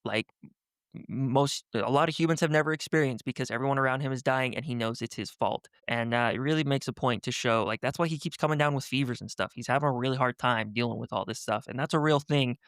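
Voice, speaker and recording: A man's voice: mid-range voice, fast talker, fairly bright tone, clear, resonant tone, no echo, clean studio sound. A man co-hosting a book podcast in casual chat who reflects and thinks aloud, with frequent hedges.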